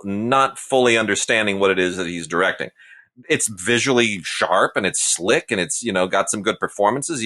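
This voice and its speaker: A man's voice: lowish voice, bright, forceful tone. A man in his forties co-hosting a podcast, giving casual, opinionated film reviews with emphatic delivery. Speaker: podcast co-host.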